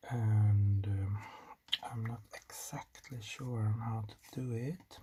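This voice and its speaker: A man with a non-native English accent and a fairly low, expressive voice hosts a DIY electronics video, speaking slowly. He chats casually through building a circuit at his home workbench, rambling, joking and muttering to himself. Clicking and typing sounds are clearly audible behind him.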